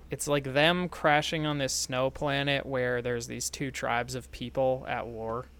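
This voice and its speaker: A man's voice: mid-range voice, a bit bright, a little hiss or hum. A man co-hosting a casual podcast discussion, talking in an easygoing, conversational way and often hedging with "like" and "um". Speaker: podcast co-host.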